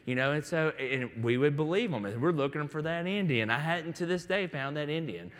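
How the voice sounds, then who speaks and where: A man's voice: a little high, lively intonation, fairly quick. A man preaching a sermon as a pastor, telling stories in a conversational way and acting out the voices of the people in them. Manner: conversational storytelling with quoted voices. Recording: long hall reverb.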